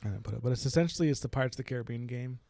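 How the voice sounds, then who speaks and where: A young man recaps a book on a casual podcast, animated and chatty, laughing often. His voice is gravelly and mellow. The recording is dry and close. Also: mid-range voice, racing, no room sound. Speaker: podcast co-host.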